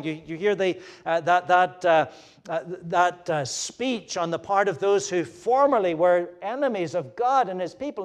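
A man's voice: a little high, normal speed. Earnest man preaching a sermon. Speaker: pastor.

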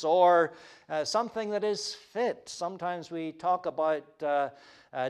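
A man preaching an expository sermon as pastor, earnest, with frequent fillers and restarts. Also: high-pitched.

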